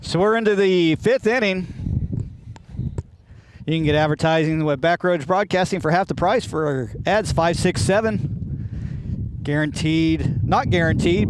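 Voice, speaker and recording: Upbeat male softball play-by-play caller. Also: a little high, background noise. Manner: upbeat, jokey, plugs ads. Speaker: play-by-play commentator. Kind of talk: sports commentary. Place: windy outdoor ballpark press table.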